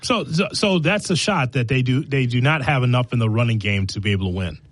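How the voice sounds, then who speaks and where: A man's voice: medium pitch, animated, a little fast. A man hosting a sports talk show in a casual, playful, teasing way, laughing often. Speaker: sports radio host.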